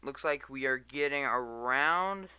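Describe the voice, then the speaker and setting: Over heavy background noise, a tired man livestreams weather radar commentary as a storm chaser. His medium-pitched voice keeps a measured pace as he reads storm warnings aloud, stumbling over place names.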